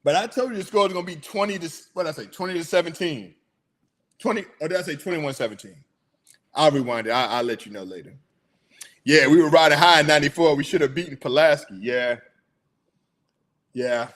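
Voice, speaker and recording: A man's voice: fairly high pitch, lively intonation, fairly quick. A middle-aged man hosting a casual sports talk show, chatty and hyped, laughing often.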